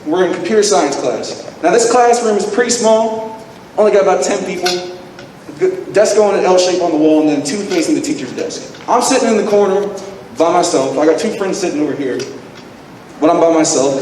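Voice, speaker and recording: A young man doing stand-up at an open mic, telling a self-mocking, profane story with lively timing. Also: on the high side, brisk. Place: large convention hall with live audience. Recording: echoey hall, distant mic, noisy.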